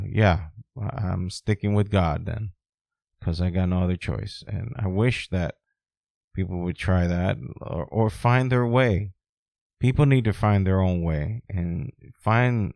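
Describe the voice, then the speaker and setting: A man hosts a solo podcast, ranting in a blunt, profane way. His lowish voice sinks low and quiet, then climbs loud and high when he gets heated. The sound is dry and close, with no room echo. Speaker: podcast host.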